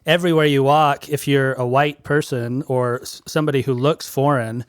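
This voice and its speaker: A young man leads a casual podcast conversation, rambling easily and leaning on "like" and "um". His voice is smooth and clear. The sound is close and dry. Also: mid-range voice, fairly even intonation, normal speed, no room sound. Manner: easygoing, heavy use of "like" and "um". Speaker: podcast host.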